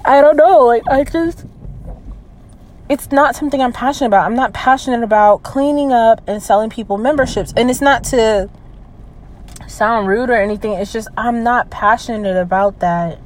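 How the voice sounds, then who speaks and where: A woman in her twenties vents about her feelings in a personal vlog, sounding down and close to tears. Her voice is slightly higher than most women's and her pace normal, but she hesitates, trails off, restarts and uses many fillers. The audio is poor, with slight background noise.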